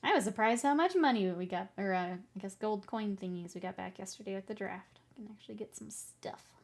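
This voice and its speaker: A playful woman chats casually with her stream audience, rambling from one thought to the next. She laughs often between remarks and pokes fun at herself. Her pitch sits in a middle range for a woman. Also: a little fast, creaky. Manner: playful, rambling and self-mocking. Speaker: streamer painting miniatures. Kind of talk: casual chat with viewers.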